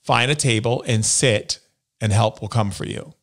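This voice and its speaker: A man's voice: on the low side, steady tone, moderate pace. A man from the United States, a spiritual healer as interview guest, telling stories and acting out the voices he quotes. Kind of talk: storytelling in a conversation.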